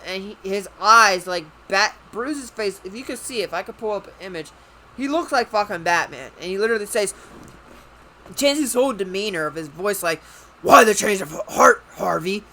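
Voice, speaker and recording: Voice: mid-range voice, moderate pace, pushed and bright, poor audio. A video reviewer talking casually and loosely, rambling a bit and swearing now and then.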